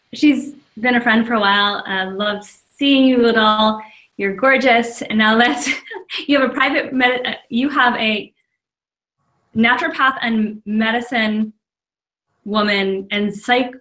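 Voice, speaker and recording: A woman's voice: fairly high pitch, sharp tone. A woman hosting an interview, introducing guests and encouraging them with brief replies. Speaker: interview host. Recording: echoey room.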